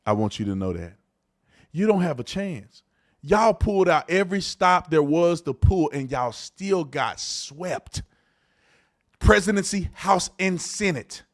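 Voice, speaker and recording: Animated man host, mocking and loud. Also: on the high side, a little slow. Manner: animated, mocking, switches between hushed asides and loud outbursts. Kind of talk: live political commentary show.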